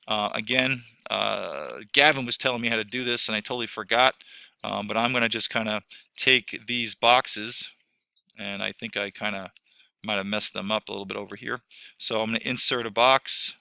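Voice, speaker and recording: A man's voice: mid-range voice, vocal fry, bright, forceful tone, clear, resonant tone, no echo. A man teaching a screen-recorded lesson, rambling and correcting himself as he talks through each step.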